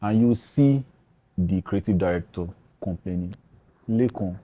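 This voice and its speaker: A man with a Nigerian English accent on a casual panel chat, telling stories in a lively way. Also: low voice, brisk, crowd noise. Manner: lively storyteller, frequent agreement sounds. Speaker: panel guest, creative.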